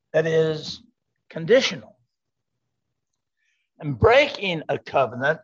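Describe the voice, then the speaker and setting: A man's voice: high-pitched, fairly bright tone. An older man preaching a sermon to a congregation, emphatic, repeating his key words. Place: church sanctuary. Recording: dull lo-fi sound.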